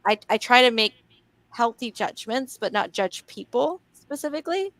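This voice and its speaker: A woman's voice: fairly high pitch, expressive, moderate pace, a bit bright, dry recording. A woman hosting a live online chat, talking frankly and laughing often. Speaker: host.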